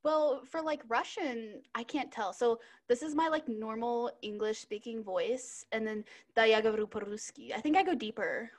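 A woman's voice: fairly high pitch, normal speed, hardly any pauses. A young woman co-hosting a podcast in casual, rambling chat, giggling often and filling gaps with "like" and "um". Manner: giggly, rambling with many fillers. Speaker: podcast co-host.

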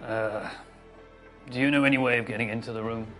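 A man playing in a tabletop role-play, questioning a character in a playful way, laughing often and filling pauses. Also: medium pitch, steady tone, fairly bright tone, faint music behind. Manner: playful, laughs between lines, trails off with fillers. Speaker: player.

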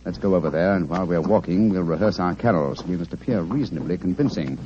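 An actor playing Sherlock Holmes, a brisk, commanding male detective, in a 1940s radio play with a dull, hissy old recording. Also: sits low, animated, dark tone. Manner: crisp, commanding, plans aloud.

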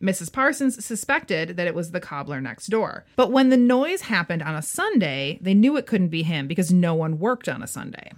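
A woman's voice: lowish voice, sing-song, moderate pace, few pauses. A woman co-hosting a history podcast, telling the story with playful, joking asides. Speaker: podcast co-host. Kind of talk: casual history podcast chat.

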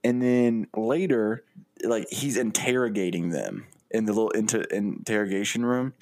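A young man co-hosts a podcast in a casual brainstorming chat, his lowish, slightly mellow voice moving at normal speed. He laughs often and acts out characters as he talks.

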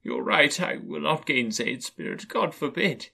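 A man reading a storybook aloud and voicing an old miser whose voice leaps up in pitch when he is roused. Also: lively intonation, slow pace, vocal fry, bright, forceful tone, breathy edge, heavily acted. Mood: earnest. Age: older. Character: old miser, gruff, easily stirred.

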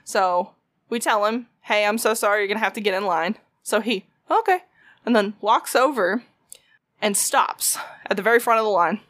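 A woman's voice: medium pitch, moderate pace, a bit bright, no echo. A young woman, telling a story in casual chat, swearing freely and acting out quotes.

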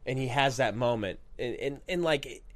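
A man's voice: medium pitch, moderate pace. A man co-hosting a casual movie podcast, talking in a rambling, restarting way. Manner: lively, rambling, full of restarts. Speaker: podcast co-host.

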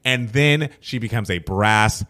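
A man's voice: on the low side, a little slow, fairly bright tone. A man co-hosting a podcast in casual chat, telling stories in an enthusiastic, reflective way. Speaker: podcast co-host.

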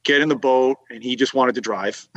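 A man from Massachusetts, USA, appears as a guest telling long fishing anecdotes in casual conversational storytelling, full of fillers and restarts. His mid-range, fairly bright voice moves at normal speed with slight background noise.

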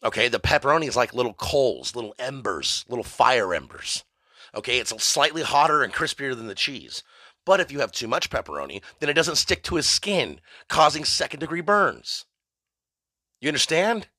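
A male podcast host delivering a rambling, mock-ranting comedic monologue, profane and deadpan absurd. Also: mid-range voice, normal speed, no room sound, clean studio sound.

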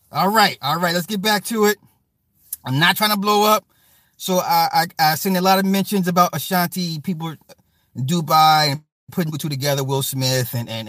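A man's voice: high voice, fairly bright tone, dry recording. A man hosting a casual livestream, reading comments in a loose, profane way and often repeating apologies and fillers.

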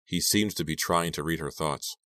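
Very deep-voiced male audiobook narrator. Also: moderate pace, sharp tone, dry recording, studio quality.

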